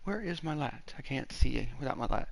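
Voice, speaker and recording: A man's voice: on the high side, expressive, a little fast, vocal fry, a little hiss or hum. A man hosting a gaming channel, chatting casually and rambling, swearing and talking to himself while he hunts around his room at home.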